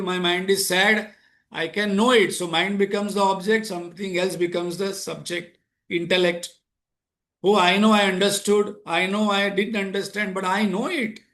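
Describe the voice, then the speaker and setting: Male spiritual teacher, high voice, lectures through rhetorical questions. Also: a bit bright. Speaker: Vedanta teacher.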